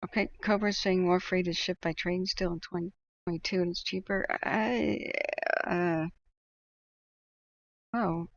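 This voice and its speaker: A woman's voice: on the low side, fairly even intonation, unhurried, pauses often, no room sound, lo-fi sound. A woman hosting a livestream and reading out chat, talking in a casual, opinionated way and laughing often.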